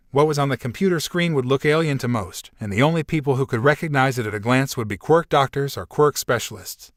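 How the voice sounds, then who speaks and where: Guy reading fan fiction out loud, steady, medium voice, no room sound. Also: mid-range voice, dry recording, clean studio sound. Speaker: narrator.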